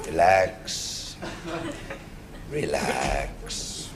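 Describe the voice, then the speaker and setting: An actor playing a pompous senior psychiatrist in a 1970s sitcom, who coaxes patronisingly and then erupts into shouting rages. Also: male voice, mid-range voice, sing-song, unhurried. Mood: soothing patronising. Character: pompous male senior hospital psychiatrist, explosive temper. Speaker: hospital psychiatrist. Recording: studio audience laughter over noisy old broadcast.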